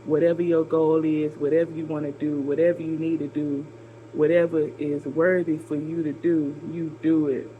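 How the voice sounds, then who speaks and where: A woman's voice: deep voice, little pitch movement, narrow, tinny audio, slight background noise. Southern woman giving earnest encouragement. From Georgia, US South. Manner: warm, repetitive encouragement with drawn-out emphasis. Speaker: vlogger making a response video. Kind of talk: casual encouraging chat to camera.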